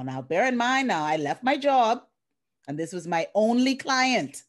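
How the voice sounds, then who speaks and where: A Bahamian life coach in middle age, a guest on a video call, relives a personal story emotionally and animatedly, voicing others' words as she goes. She speaks with a fairly high pitch at a measured pace.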